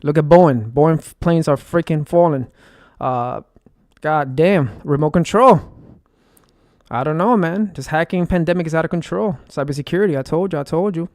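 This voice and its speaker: A man's voice: a little high, normal speed, a little mellow, dry recording, studio quality. A man, a streamer, talking in a rambling, agitated monologue, cursing often and repeating himself with lots of fillers. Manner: rambling, profane, with frequent fillers and repeated phrases.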